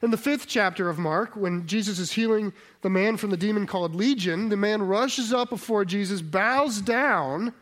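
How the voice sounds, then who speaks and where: A man's voice: high voice, moderate pace, few pauses, a bit bright. A man preaching a conversational sermon, often asking his listeners rhetorical questions and restarting his sentences. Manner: restarts and self-corrections mid-sentence.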